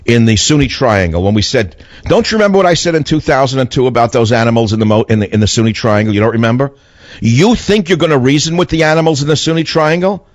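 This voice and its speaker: An older man holds forth on his radio show, his pitch swinging widely as he tells stories and rants. The studio sound is dry and close, with no room around him, and his voice sits at an ordinary middle pitch for a man. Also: dry recording. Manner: animated storytelling, voices swinging up and down. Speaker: radio talk show host. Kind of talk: opinionated talk radio monologue. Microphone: studio microphone.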